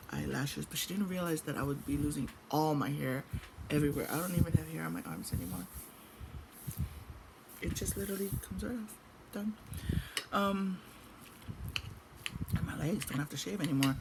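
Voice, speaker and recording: A woman's voice: low voice, creaky. Middle-aged woman, chatty home vlogger, rambles freely, noisy recording. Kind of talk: casual chat.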